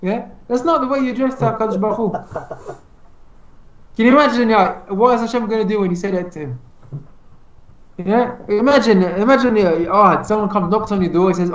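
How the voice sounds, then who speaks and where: A man teaching an informal Torah class over a video call, fast and animated, acting out little dialogues as he explains. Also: high-pitched. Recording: echoey, distant, dull video call audio.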